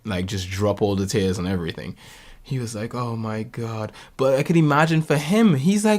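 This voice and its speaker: A man in his thirties casually telling a lively story about his kids, acting out their lines and laughing often. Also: fairly low pitch, fairly quick. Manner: animated, acts out family quotes, laughs often. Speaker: podcast co-host.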